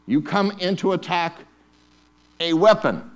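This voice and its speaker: A male pastor preaching a sermon in a church, passionate and rising to loud, emphatic bursts on scripture. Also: medium pitch, sing-song, a little slow, pauses often.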